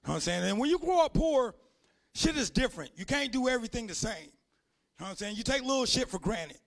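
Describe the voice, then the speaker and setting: A man works a comedy club crowd with a brash, profane storytelling set. His voice sits high and has a gravelly crackle to it. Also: very animated, fast talker. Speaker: stand-up comedian.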